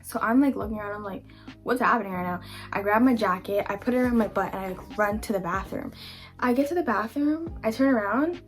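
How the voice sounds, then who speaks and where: A young woman tells a storytime to her viewers in a candid, chatty way, filling her talk with "like" and acted-out quotes. Her pitch sits in a middle range for a woman. Soft music plays faintly behind her. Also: fast talker. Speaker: vlogger. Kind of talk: casual storytime.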